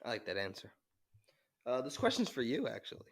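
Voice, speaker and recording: A young man co-hosting a podcast, telling animated stories with laughter on a handheld mic. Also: medium pitch, brisk, vocal fry, breathy edge. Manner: animated storytelling with frequent laughs. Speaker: podcast co-host. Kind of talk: casual chat. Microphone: handheld mic, sometimes held away.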